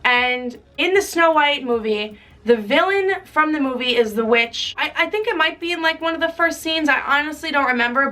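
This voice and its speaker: Chatty, high-voiced young woman vlogger. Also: bright, forceful tone, far from the mic. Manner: chatty, uses "like" a lot, laughs. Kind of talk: casual chat.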